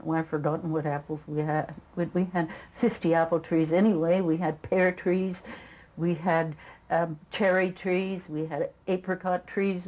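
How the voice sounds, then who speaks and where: An older woman recalling the past in an interview, halting and repeating words as she tells her story. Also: on the low side, a little mellow, dull audio. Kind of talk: reminiscing interview.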